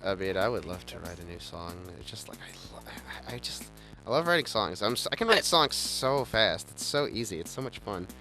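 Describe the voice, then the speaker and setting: A man's voice: fairly low pitch, big pitch swings, a little fast, sharp tone, faint music behind. A man hosting a casual chat, rambling enthusiastically with many stumbling restarts. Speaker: show host.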